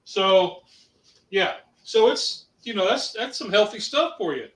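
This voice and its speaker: A man's voice: high-pitched, lively intonation, fairly bright tone, far from the mic, slight background noise. Man, from Ohio, casual cooking-show chat, rambling with fillers, roomy sound, a bit off-mic. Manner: rambling, halting, many fillers. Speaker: co-host.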